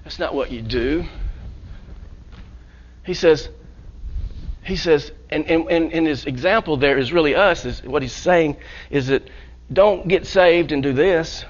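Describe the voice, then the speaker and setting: High-voiced pastor preaching with animated repetition. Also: male voice, a little slow, long pauses, muffled recording. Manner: animated, repeats words, chuckles often. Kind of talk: sermon. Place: church.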